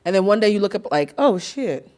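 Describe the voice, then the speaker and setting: Fast-talking animated woman podcast host. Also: mid-range voice, clean tone. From Haitian-Cuban family. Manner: animated, laughing, swearing, acting out dialogue. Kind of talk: casual chat.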